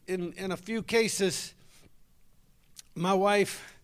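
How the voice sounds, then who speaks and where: A man's voice: high voice, fairly even intonation, extremely slow, clear, resonant tone. A middle-aged man, preaching a folksy, conversational sermon and talking with his congregation.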